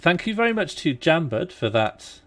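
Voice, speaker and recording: A man livestreaming a strategy game and chatting casually with a co-host, relaxed and jokey while he thinks aloud. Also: a little high, normal speed. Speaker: streamer playing a strategy game. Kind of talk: casual live-stream chat.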